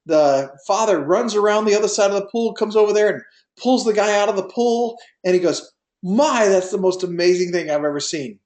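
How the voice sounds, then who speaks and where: A man with a fairly high voice teaches drone pilot rules in an online class, talking in a folksy, rambling way with plenty of ums and restarts. The sound comes over a video call from an echoey room. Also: a little fast, a little mellow. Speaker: drone pilot test prep instructor. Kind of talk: online class lecture with a told joke.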